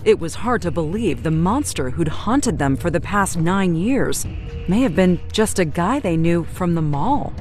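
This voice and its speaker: A woman narrating a true-crime news story in a measured, dramatic cadence. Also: lowish voice, animated, a little mellow, faint music behind.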